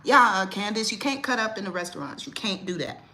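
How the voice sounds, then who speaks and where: A woman's voice: a little fast, a little hiss or hum. A woman hosting a casual livestream, telling a story. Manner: animated, rising loud and high when riled. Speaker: livestream host.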